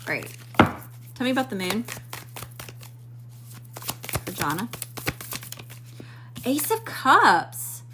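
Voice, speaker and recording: A woman's voice: on the high side, huge pitch swings, extremely slow, long pauses, very noisy. A woman giving a live-stream tarot reading, chatting casually and greeting viewers in the chat as she draws cards. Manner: talks to spirit while drawing cards. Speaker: tarot card reader.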